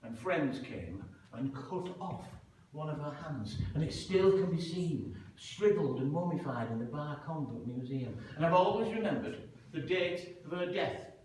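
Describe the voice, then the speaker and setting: A man telling a story live, dramatic and animated, acting out the voices he quotes. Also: on the high side, normal speed, hardly any pauses, a little hiss or hum. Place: large museum hall. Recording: echoey hall, heard from a distance.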